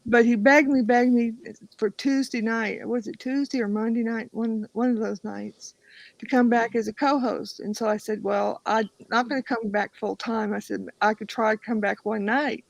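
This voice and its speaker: A woman's voice: fairly high pitch, steady tone, moderate pace, creaky, no echo, muffled recording. A woman hosting a casual livestream chat, telling a story with lots of cursing and acting out what others said. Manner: profane storytelling, acts out quotes. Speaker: host.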